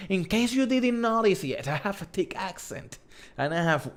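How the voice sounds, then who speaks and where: A man's voice: high-pitched, sing-song, normal speed. A man with a thick Spanish accent hosting a casual live stream, reading viewer questions aloud and rambling with many restarts and self-corrections. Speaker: host.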